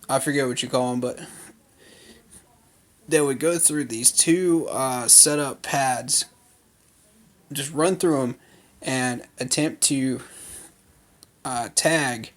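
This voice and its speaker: A man giving an unscripted recap of a training day, talking loosely with lots of fillers and firm opinions. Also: medium pitch. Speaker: fan commentator. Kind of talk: casual recap vlog.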